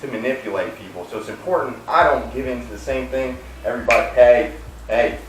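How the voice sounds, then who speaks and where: A man dog trainer explaining calmly to viewers while working a dog, breaking off into sharp high praise calls. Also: quick pace, a little hiss or hum. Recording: roomy distant camera audio with music.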